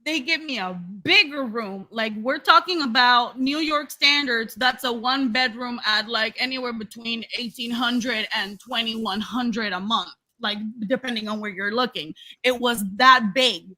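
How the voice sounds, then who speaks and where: Animated high-voiced woman telling a story. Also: measured pace, few pauses. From Latina. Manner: animated, laughing, acts out voices in anecdotes. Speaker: podcast co-host. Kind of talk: casual chat, storytelling.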